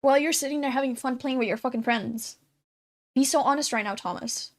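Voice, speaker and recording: A woman's voice: high-pitched, brisk. A woman in a played clip bluntly scolding someone, stacking up demands in a confrontational conversation.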